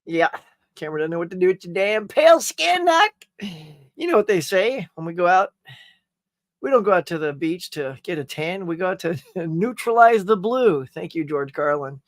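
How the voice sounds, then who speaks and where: A man's voice: high voice, lively intonation, moderate pace, no echo, clean studio sound. A man hosting a live morning pop-culture stream, rambling casually, joking and reading viewer comments aloud.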